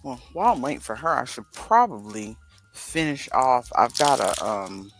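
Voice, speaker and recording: Man, casual livestream co-host, talks to himself while puzzling, bouncy pitch, bright forward tone. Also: sing-song, moderate pace, gravelly, soft background music. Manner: rambling, talks to himself while solving a crossword. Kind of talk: casual chat, thinking aloud.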